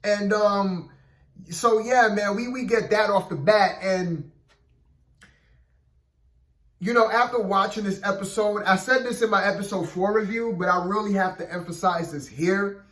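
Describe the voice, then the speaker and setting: A man talks through a TV episode in a loose, rambling review, full of "like" and "you know" and self-restarts. His voice sits fairly high for a man, and the room around him rings with noticeable echo. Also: measured pace, a bit bright. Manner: rambling, filler-heavy, keeps saying "you know what I mean". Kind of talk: casual spoken review.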